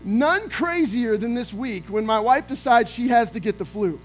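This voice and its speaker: A male pastor preaching a sermon to his church, telling a lively family story with acted-out quotes. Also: extremely high pitch, moderate pace, faint music behind, poor audio. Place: church sanctuary.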